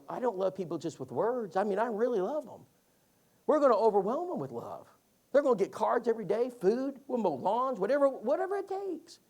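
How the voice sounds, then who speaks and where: Preacher guy telling a story in class, voice swings all over the place. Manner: animated storytelling with lively pitch swings. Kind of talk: sermon class.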